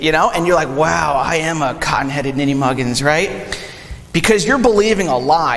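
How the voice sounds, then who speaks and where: A young man preaching a sermon, animated, acting out quick quoted asides in a church sanctuary. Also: a little high. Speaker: pastor. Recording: long hall reverb.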